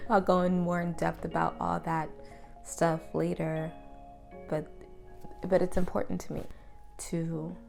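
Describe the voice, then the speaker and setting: A young woman speaks earnestly into the camera in a personal vlog, her voice carrying a gravelly, fry-laden edge. She is reflective and open, and sometimes sinks to a whisper. Faint music plays behind her. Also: fairly low pitch, a little mellow. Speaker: vlogger.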